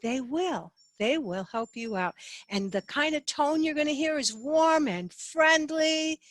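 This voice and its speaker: A woman sales trainer giving an instructional talk in a measured, clear way. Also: high voice, lively intonation, dry recording. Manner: measured, clear, demonstrating tones.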